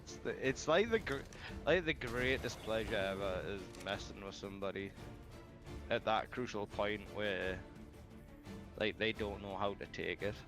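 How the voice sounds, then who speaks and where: A man's voice: fairly low pitch, unhurried. Guy on a stream bragging about pranks, laughs a lot, swears, faint music in the background. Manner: teasing, laughing storytelling with lots of swearing. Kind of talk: casual chat.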